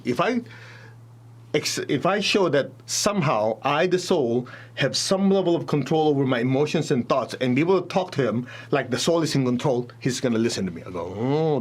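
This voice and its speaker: A man's voice: on the high side, a little fast, breathy edge. A man teaching a spiritual talk, telling stories animatedly and speaking straight to his audience. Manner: animated storytelling, addresses audience directly.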